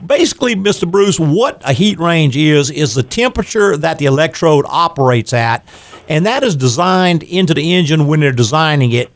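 A man's voice: fairly high pitch, lively intonation, moderate pace. An older man hosting a call-in radio show on car repair, explaining at length and laughing easily. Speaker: radio show host, garage owner.

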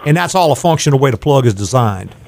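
A man's voice: medium pitch, lively intonation, fast, creaky, darkish tone. An older man hosting a call-in radio show on car repair, explaining at length and laughing easily. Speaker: radio show host, garage owner.

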